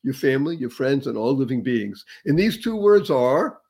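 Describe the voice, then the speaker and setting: A man's voice: mid-range voice, sing-song, moderate pace, gravelly, a little mellow, slight background noise. A man hosting a motivational talk show, speaking emphatically and building to showy introductions. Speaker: host.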